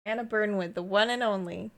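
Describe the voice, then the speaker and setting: A woman's voice: mid-range voice, fairly quick. A woman streaming a game live, chatting and joking with her viewers and laughing between remarks.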